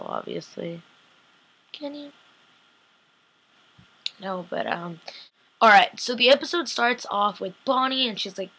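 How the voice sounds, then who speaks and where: Excitable young woman ranting about a show. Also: medium pitch. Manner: chatty, excitable, dramatic fan ranting. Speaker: fan vlogger reviewing a TV episode. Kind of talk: casual episode recap chat.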